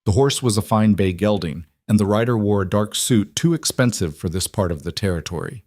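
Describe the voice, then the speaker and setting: A man reading a Western story as scripted narration, in a steady, measured way. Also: on the low side, no room sound, clean studio sound.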